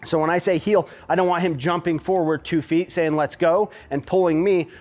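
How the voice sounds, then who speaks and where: A man teaching dog heel work, explaining calmly while he walks a dog. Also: a little high, normal speed, lo-fi sound, faint music behind. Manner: calm, explanatory, talks while walking a dog. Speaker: dog trainer. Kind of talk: instructional demonstration.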